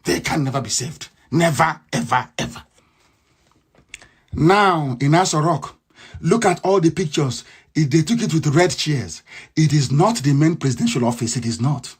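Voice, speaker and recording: A man's voice: on the high side, animated, moderate pace, breathy edge. A man giving a live radio broadcast monologue, fiery and scornful, repeating his points.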